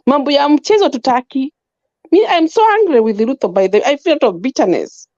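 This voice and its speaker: A woman's voice: sits high, expressive, brisk, warm tone, dry recording, lo-fi sound. A Kenyan woman giving impassioned political opinions as a panel guest, talking emphatically and repeating herself. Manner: emphatic, repetitive, mixes in Swahili.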